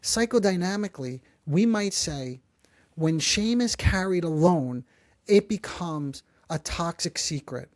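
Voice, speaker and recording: A man hosting a psychology podcast, who explains calmly and gently and slows down to stress key phrases. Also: fairly high pitch, no echo. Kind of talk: calm explanatory talk.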